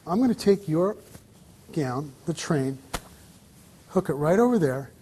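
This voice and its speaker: A man's voice: on the high side, expressive, measured pace, dark tone, slight background noise. A man teaching wedding photography on location, directing his subject and explaining to viewers as he moves around a hotel. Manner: coaching, encouraging, talks to camera and subject by turns. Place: hotel interior, on the move.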